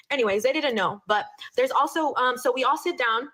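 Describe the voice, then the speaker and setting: A young woman rattles through a personal story at a fast clip, in a voice pitched a bit high. She is blunt and profane and slips Spanish phrases into her casual storytelling. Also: a bit bright.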